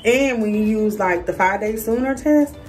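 A woman, chatting casually to camera in a vlog, a bit out of breath, with lots of fillers and animated quoted voices. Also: medium pitch, moderate pace, distant mic, poor audio. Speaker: vlogger. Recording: voice a little off-mic, faint music.

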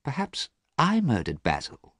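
A man voicing a young gentleman in a storybook reading, earnest and pleading, in a raised voice. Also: medium pitch, wildly swooping pitch, unhurried, slightly rough, no room sound, studio quality, pitched above the performer's own voice, full character voice. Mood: probing. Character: young gentleman, anxious and eager to be good.

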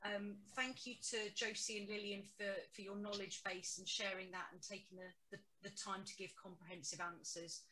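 A woman hosting an online meeting, friendly and brisk, thanking speakers and handing over. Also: medium pitch, fairly even intonation, bright, forceful tone, poor audio. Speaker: meeting chair. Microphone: video call mic.

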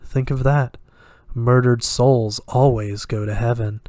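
A quiet, cruel devil, voiced by a man reading a horror tale, who savours each word in a slow, hushed purr. The delivery stays level and narrow in pitch, menace held under the breath. The sound is dry and close, with no room around it. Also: fairly even intonation, no room sound, lightly acted. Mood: gloating. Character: soft-spoken sinister male devil, teasing and cruel.

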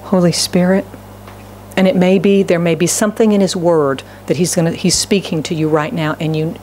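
A woman pastor preaching a sermon in a church. She swings between raised, fervent declarations and hushed, near-whispered pleading, and keeps putting questions to the congregation. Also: on the low side, fairly even intonation, moderate pace, a little hiss or hum. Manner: asks the congregation rhetorical questions. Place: church sanctuary.

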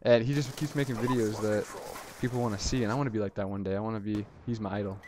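Rambling low-voiced man doing gameplay commentary. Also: quick pace. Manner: rambling, excitable, retells moments with "I was like". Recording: noisy game audio underneath. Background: game sound effects.

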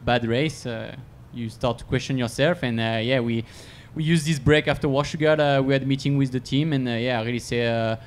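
A man, a racer answering at a post-race press conference, speaking haltingly with many filler sounds. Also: mid-range voice, a little hiss or hum.

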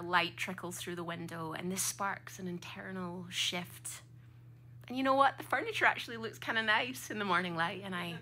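A woman's voice: fairly low pitch, bright, forceful tone, a little hiss or hum. A Scottish woman around thirty performing a personal story live on a club stage, with a vivid, comic, dramatic delivery. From Scotland.

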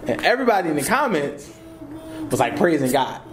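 A young man in his twenties teaching a church class, conversational and animated, slipping into casual slang. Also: a little high, a little fast, a crowd in the background. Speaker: Bible teacher.

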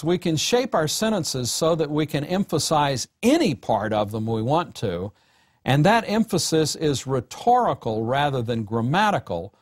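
A man giving a recorded lecture on writing, speaking in a measured, deliberate way and slowing down to read example sentences. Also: mid-range voice, no room sound, studio quality.

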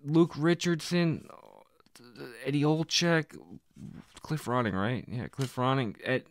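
A man's voice: medium pitch, expressive, takes it slowly. A young man from Canada hosting a card-opening video, with casual, sarcastic and exasperated commentary.

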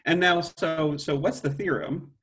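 A man's voice: a little high, fairly even intonation, measured pace, a bit bright. A middle-aged man giving an academic mathematics lecture, thinking aloud with frequent restarts and self-corrections.

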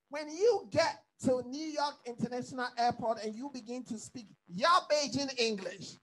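Guy preaching a bible study, really high voice, punchy repeats, keeps asking the room stuff. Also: normal speed, few pauses, poor audio. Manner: emphatic, repetitive preaching with questions to the congregation. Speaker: pastor.

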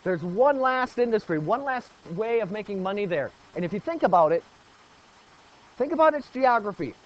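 Lively high-voiced male teacher. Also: normal speed. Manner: asks the class questions and praises answers; lively, repeats key points. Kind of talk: classroom geography lesson. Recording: dull lo-fi classroom recording.

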